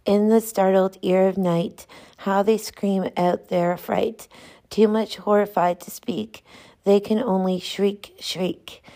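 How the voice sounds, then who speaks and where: Gravelly, mellow woman reciting poetry. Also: medium pitch. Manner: measured, rhythmic reading that lingers on repeated words. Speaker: poetry reader.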